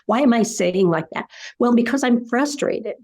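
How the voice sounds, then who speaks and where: A woman's voice: a little high, lively intonation, normal speed, darkish tone. Emphatic older woman, rhythmic repetition. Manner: emphatic, repeats phrases in short rhythmic runs; acts out caregiver scenarios mid-answer. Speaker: dementia care educator. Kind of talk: conversational interview answers.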